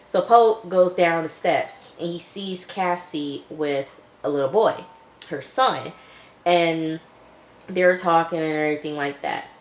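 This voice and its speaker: Low-voiced woman recapping a TV episode. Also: slow. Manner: chatty, loose retelling full of "like" and "you know". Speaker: TV episode reviewer. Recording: echoey room.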